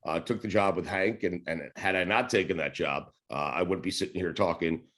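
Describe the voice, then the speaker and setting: Man, 40s, New York accent, low voice, rambling casual storyteller. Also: brisk, a bit bright, breathy edge. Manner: rambling, laid-back, swears and laughs while telling stories. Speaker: sports radio host, podcast guest.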